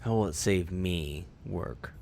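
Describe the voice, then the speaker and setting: A man's voice: low-pitched, takes it slowly, creaky, soft background music, voice pushed down, full character voice. A man voicing a stern, snippy elderly vampire hunter in a tabletop game, barking abrupt orders. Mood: gruff. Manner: shouts abruptly, brusque and impatient. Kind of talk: tabletop game role-play.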